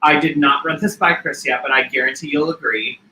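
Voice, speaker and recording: A man's voice: on the high side, fairly even intonation, a little fast, sharp tone. A man co-hosting a casual show, talking in a playful way. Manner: playful, bursts into song. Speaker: co-host. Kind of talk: casual livestream chat. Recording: echoey room, off-mic.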